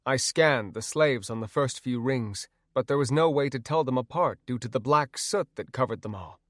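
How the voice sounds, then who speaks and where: A man narrating a first-person audiobook in a measured, even storytelling manner. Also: medium pitch, no echo, clean studio sound.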